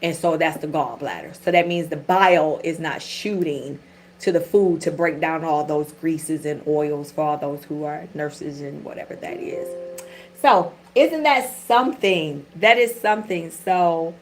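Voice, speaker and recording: Over soft background music, a middle-aged tarot reader hosting her channel talks in a deep voice at a measured pace. She's chatting casually on a livestream with her viewers, candid, full of everyday slang and open swearing.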